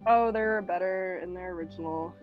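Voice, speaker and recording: A woman chatting casually as a guest on a livestream, giggly and rambling, and a bit hoarse from losing her voice. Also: fairly low pitch, normal speed, dull audio, faint music behind. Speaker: guest streamer. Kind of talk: casual chat while livestreaming.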